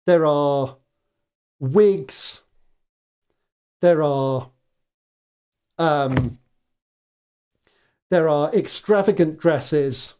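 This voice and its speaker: A man narrating as game master of a tabletop game, hesitant with many pauses and fillers. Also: a little high, dark tone. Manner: hesitant, lots of ums, laughs often.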